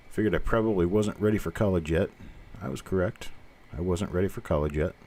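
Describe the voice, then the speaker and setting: Man in his fifties, faint Southern accent, very low voice, blunt rambling host. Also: a little mellow. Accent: mild Southern American. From Southern United States. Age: 50s. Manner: blunt, rambling, self-mocking. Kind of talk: casual live-stream chat.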